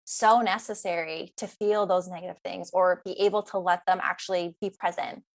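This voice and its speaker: A woman's voice: fairly low pitch, steady tone, normal speed. A young adult woman, a guest coach on a podcast, telling her story in an earnest, flowing way. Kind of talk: podcast interview.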